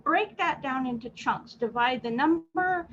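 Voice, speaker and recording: A woman gives brisk, practical writing advice in a high voice. Her video call audio sounds dull, with a faint hiss underneath. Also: lively intonation, a bit bright. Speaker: writing coach panelist. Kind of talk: informal teaching talk.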